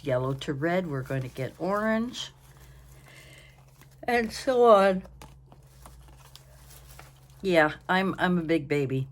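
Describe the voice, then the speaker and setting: An older woman hosting a casual crafting vlog from home, tired and yawning, chatting in a rambling, apologetic way. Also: low-pitched. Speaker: craft channel host.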